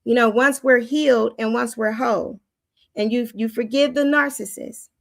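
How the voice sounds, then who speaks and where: A woman with a fairly high voice teaches in a loose, conversational way, plain-spoken and animated. The sound is dry and close, with no room around it. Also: moderate pace, gravelly, no echo. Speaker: Christian teacher and host.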